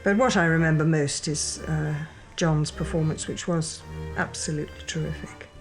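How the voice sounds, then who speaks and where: Low-voiced woman recalling. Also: fairly even intonation, music in the background. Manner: measured, recollecting.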